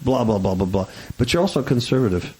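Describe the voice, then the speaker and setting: A male radio talk show host in casual banter with a co-host. His voice swings widely in pitch as he talks, sitting in an ordinary middle register, and his delivery turns sarcastic and mocking. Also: expressive, quick pace, warm tone, poor audio. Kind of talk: casual chat.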